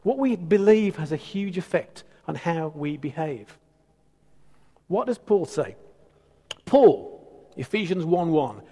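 A man's voice: fairly high pitch, mellow. A man preaching a sermon in a conversational, teasing, emphatic way. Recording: reverberant hall.

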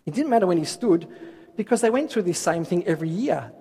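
A man's voice: high-pitched, lively intonation, fast talker, dark tone, husky. A man preaching a sermon, asking rhetorical questions and reading scripture aloud. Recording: long hall reverb.

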